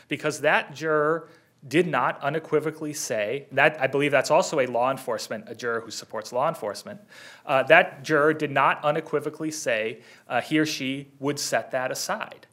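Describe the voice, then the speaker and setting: A man's voice: mid-range voice, sharp tone. A man arguing an appeal before judges as counsel, earnest and persistent in his answers. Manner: earnest, persistent, fast-talking rebuttals. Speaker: defense attorney. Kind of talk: appellate oral argument.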